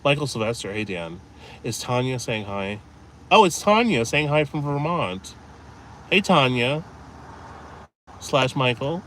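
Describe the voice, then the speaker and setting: A man's voice: medium pitch, animated, measured pace, long pauses, fairly bright tone. A man rambling casually as he walks city streets and alleys, telling stories and reading chat, with faint traffic behind him. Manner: rambling, storytelling, swears casually. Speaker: vlogger. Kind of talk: casual walking vlog with live chat.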